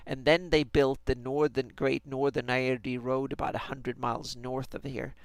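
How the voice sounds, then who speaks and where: A man's voice: medium pitch, little pitch movement, moderate pace, smooth, no room sound. A man thinking aloud on a live stream as he draws a fantasy map, hesitant, with many restarts. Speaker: fantasy map maker streaming his work.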